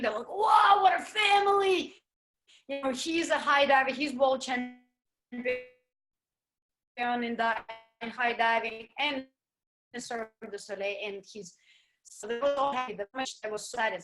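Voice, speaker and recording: A woman ballroom dancer and teacher telling stories in an interview, animated and expressive and sometimes searching for words. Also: on the high side, normal speed, soft background music. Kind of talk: interview storytelling.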